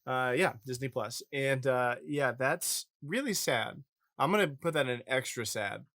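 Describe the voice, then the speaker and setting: Man, podcast co-host, mid-pitched voice, dry close sound, jokey and rambling. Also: unhurried, a bit bright, no echo. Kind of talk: casual chat.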